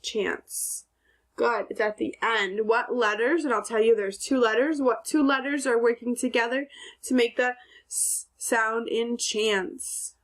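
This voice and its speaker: Slow, patient woman teaching phonics. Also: a little high, fairly bright tone. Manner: slow, clear teacher talk, stretches out sounds, asks and answers own questions. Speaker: second grade teacher. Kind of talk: recorded phonics lesson.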